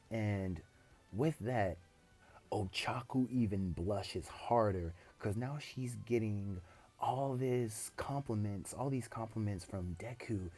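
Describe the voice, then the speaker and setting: A man's voice: fairly low pitch, takes it slowly, dark tone, breathy edge, soft background music. A man casually narrating an improvised fan story, rambling and often correcting himself as he goes.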